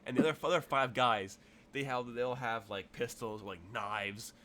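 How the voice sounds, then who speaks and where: A man's voice: medium pitch, moderate pace, sharp tone, a little hiss or hum. A man narrating a tabletop game as game master, rambling with many fillers and restarts.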